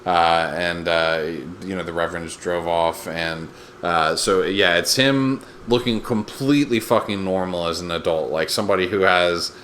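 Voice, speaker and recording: A man with a low voice co-hosts a podcast, walking through a TV episode in loose, rambling chat full of fillers. A faint hiss sits under the recording. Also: steady tone, moderate pace, fairly bright tone. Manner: rambling, fillers, quotes scenes with put-on voices. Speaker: podcast co-host. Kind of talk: casual recap chat.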